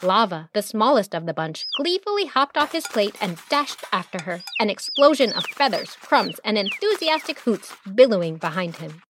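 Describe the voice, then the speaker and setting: Expressive woman telling a children's story. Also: mid-range voice, moderate pace, hardly any pauses, noisy background. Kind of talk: scripted children's story narration. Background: music.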